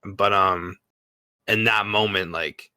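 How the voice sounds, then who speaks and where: Male storyteller, casual, profane, filler-heavy, forceful tone, dry close sound. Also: lowish voice, fairly even intonation, slow, clean tone, dry recording.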